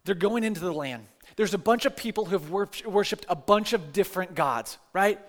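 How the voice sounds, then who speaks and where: A man giving a casual sermon, telling scripture stories in a conversational way with animated, acted-out quotes and frequent restarts and asides. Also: sits high, fairly quick.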